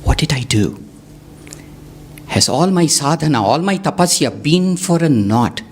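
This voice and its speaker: A man's voice: on the high side, lively intonation, unhurried, slight background noise, voice pushed up. A man voicing an anguished hermit sage. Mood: mortified. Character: anguished male hermit sage, proud and quick to anger.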